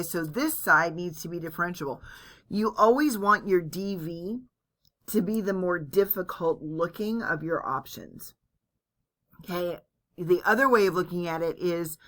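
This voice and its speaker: Lady math teacher, lowish voice, chatty recorded lecture, talks thru every step, pokes fun at herself. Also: fairly bright tone. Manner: chatty, self-deprecating, walks through steps aloud.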